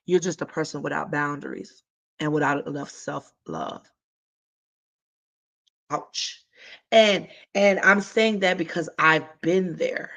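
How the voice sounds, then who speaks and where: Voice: mid-range voice, a little slow, creaky, fairly bright tone. A livestream host giving heartfelt advice in a casual, emphatic way, talking straight to viewers with colloquial slang. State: voice cracking.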